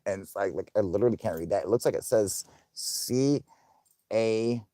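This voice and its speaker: A young man hosting a casual livestream, swearing often, laughing, and loudly thanking viewers for donations. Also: fairly low pitch, moderate pace, dry recording. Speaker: livestream host.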